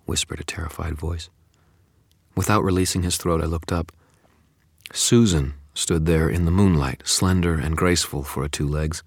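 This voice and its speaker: Male audiobook narrator with a very deep voice, intense and brooding, close and dry sound. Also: fairly even intonation, normal speed, gravelly, dry recording. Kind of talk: first-person audiobook narration.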